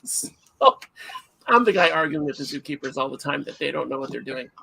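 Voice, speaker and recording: A middle-aged man hosting a livestream, chatting casually and telling stories in an animated, self-mocking way. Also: fairly high pitch, brisk, vocal fry, a little hiss or hum. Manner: animated storyteller, self-mocking, acts out shouts. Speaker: livestream host.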